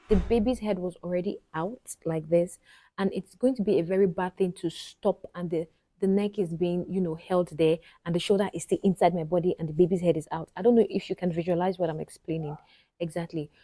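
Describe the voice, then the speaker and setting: A woman's voice: lowish voice, dark tone, no room sound. A Nigerian woman vlogger telling a personal story to camera, chatty and often talking straight to her viewers. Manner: chatty, frequently addresses viewers directly.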